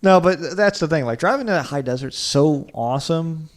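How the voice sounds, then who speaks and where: A man's voice: a little high, lively intonation, fairly quick. A man co-hosting a car podcast in casual chat, rambling with lots of fillers. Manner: rambling, lots of "like", puts on silly accents. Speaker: podcast co-host.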